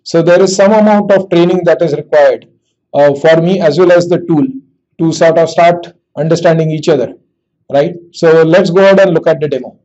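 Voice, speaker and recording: A man with an Indian accent, fairly high-pitched but mellow in tone, explains a software tool step by step. He talks in a steady, explanatory way, often starting with "so" and pausing on "uh". The recording sounds dull and lo-fi. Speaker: tech presenter. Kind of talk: software demo walkthrough. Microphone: headset.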